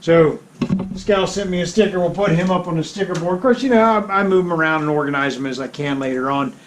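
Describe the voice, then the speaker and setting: A man's voice: on the high side, fast talker, noisy background. A man from the United States hosting a motorcycle vlog from his home garage, chatting casually in a joking, rambling, self-deprecating way. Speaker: motorcycle vlogger host. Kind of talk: casual chat to camera.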